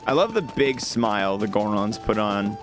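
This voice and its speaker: A man's voice: fairly low pitch, animated, moderate pace. A young man streaming a game, chatting casually and reading out messages from his chat in an upbeat, jokey way. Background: game music.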